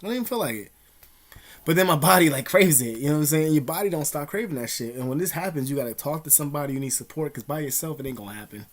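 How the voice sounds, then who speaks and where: A man's voice: fairly high pitch, animated, racing. Blunt, profane young man vlogging advice. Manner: blunt and profane, street slang, calls listener dog and man. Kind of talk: casual advice monologue to camera. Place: at home, dogs nearby.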